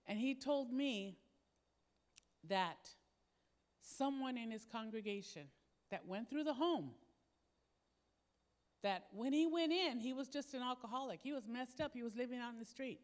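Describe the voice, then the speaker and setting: A woman's voice: a little high, a little slow, long pauses. A woman pastor preaching a sermon, telling a personal story in a conversational way and acting out the dialogue. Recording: long hall reverb.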